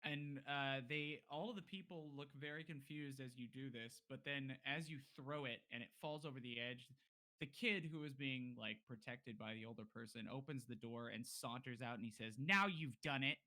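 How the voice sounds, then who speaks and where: A man's voice: medium pitch, fairly even intonation, normal speed, pushed and bright. A man narrating scenes as game master in a casual tabletop game, descriptive with loose fillers.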